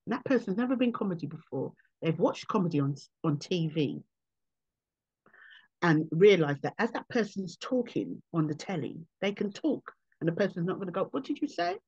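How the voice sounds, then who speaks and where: A woman's voice: fairly low pitch, normal speed, husky. Woman comic being interviewed, voice jumps all over, kinda muffled lo-fi sound. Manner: animated, acts out people's voices. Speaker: comedian. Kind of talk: interview answers.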